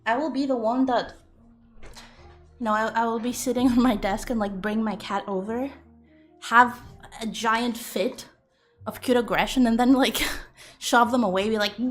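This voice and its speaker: A young woman with a high, bright voice talks casually on a home stream, gushing over her cats in giggly baby talk. Faint music plays behind her. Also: lively intonation, unhurried, long pauses.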